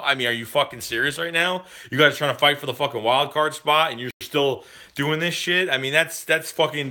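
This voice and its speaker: A man talks live to his stream chat in a heated, swear-filled rant. His voice is sharp, forceful and tense. His pitch sits in an ordinary middle range. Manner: profane, heated, ranting.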